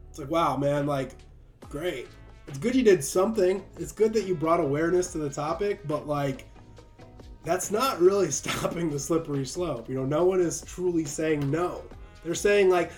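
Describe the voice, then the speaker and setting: A man's voice: a little high, moderate pace, darkish tone. Sarcastic male commentator, faint music. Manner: sarcastic, mocking, laughs often. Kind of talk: opinion commentary monologue.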